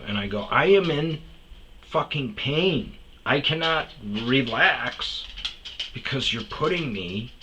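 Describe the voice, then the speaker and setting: A man's voice: on the low side, bright, forceful tone, a little hiss or hum, poor audio. A man hosting a podcast, telling a story in a profane, heated rant that keeps restarting its sentences. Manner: swears often, restarts sentences, gets heated. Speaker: podcast host.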